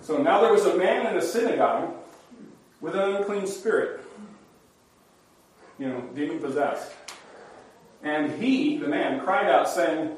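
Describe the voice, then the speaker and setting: A man's voice: normal speed, pauses often, far from the mic, a little hiss or hum. A man leading an informal Bible study, explaining passages in a conversational way and acting out the quoted voices. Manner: conversational, acts out the quoted voices with rising pitch. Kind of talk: informal Bible class teaching. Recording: roomy hall recorded from afar.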